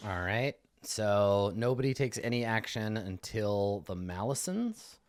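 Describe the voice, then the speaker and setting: A man running a tabletop game as game master, narrating in a casual, animated way with many fillers. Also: fairly low pitch, measured pace.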